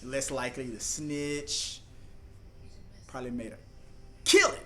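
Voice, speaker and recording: A young man hosting a live TV reaction, rambling and joking excitedly as he talks over the episode. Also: brisk. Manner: excitable, rambling, jumps into high put-on voices for jokes. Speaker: reaction video host.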